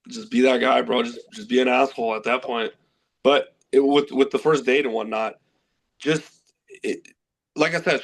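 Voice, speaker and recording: Gravelly calm male matchmaker. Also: medium pitch. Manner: calm, practical, step-by-step advice. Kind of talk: casual coaching chat.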